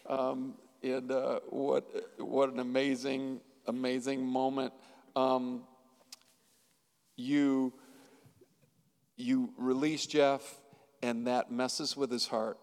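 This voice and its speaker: Male pastor-host, slow pace, hesitant questions, hall echo. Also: mid-range voice, flat delivery, darkish tone. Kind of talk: interviewing a couple.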